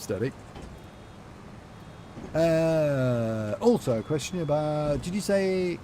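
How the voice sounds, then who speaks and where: Male streamer, young, playful and sassy, warm low-key tone, lively pitch. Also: a little hiss or hum. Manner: playful, sassy, rambling with lots of fillers. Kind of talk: casual live-stream chat while gaming.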